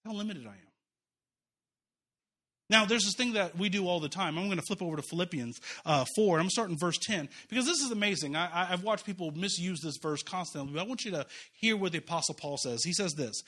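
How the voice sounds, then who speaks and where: A man from the United States preaching a sermon and reading scripture aloud, talking in an animated, conversational way with quick asides and frequent restarts. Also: high-pitched. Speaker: pastor.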